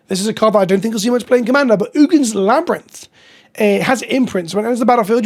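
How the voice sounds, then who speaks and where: Blunt, profane card game commentator. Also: medium pitch. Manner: blunt and profane, with frequent stumbles and restarts. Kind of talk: casual spoken card review.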